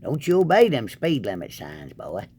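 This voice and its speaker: A man's voice: medium pitch, huge pitch swings, normal speed, dark tone, slightly rough. A man voicing a folksy, foolish rural man with a Southern American drawl, bossy and drawling. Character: folksy rural man, a know-it-all fool.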